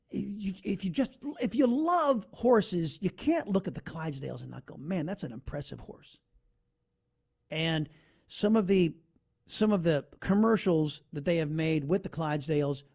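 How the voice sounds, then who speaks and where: A man hosting a talk radio show, telling a story in an animated monologue. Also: on the high side. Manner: animated storytelling, narrates an ad over its soundtrack.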